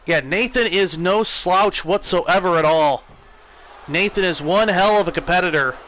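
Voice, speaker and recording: Excitable American man calling wrestling. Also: high-pitched, normal speed, rough recording. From United States. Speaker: streamer. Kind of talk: wrestling play-by-play commentary.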